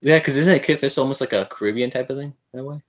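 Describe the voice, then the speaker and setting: A man hosting a podcast interview, excitable and apologetic as a starstruck fan. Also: mid-range voice, rapid-fire. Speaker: podcast host. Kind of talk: casual interview chat.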